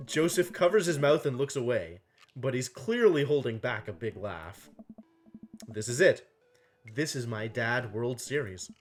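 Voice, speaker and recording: A man playing a story game aloud, reading narration and dialogue with animated delivery and frequent laughter. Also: normal speed, faint music behind. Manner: animated, laughing often, jumps into higher voices for characters. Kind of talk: casual game playthrough with read-aloud voices.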